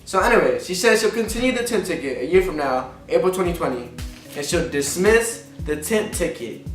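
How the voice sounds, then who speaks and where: A vlogger rants casually with frustration and lots of profanity, going over the same points again and again. His voice sits high, animated and brisk, recorded in an echoey room on a distant mic with faint music.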